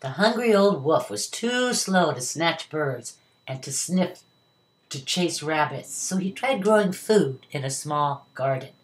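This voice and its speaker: A woman's voice: low-pitched, unhurried. An older woman, a retired teacher, reading a children's story aloud at home. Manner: warm, expressive reading to children.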